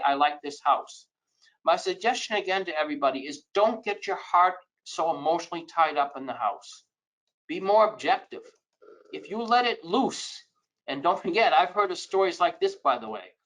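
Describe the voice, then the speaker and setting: A man's voice: a little high, fairly bright tone, rough recording. A man presenting a financial webinar in a conversational lecture style, giving emphatic advice with frequent asides.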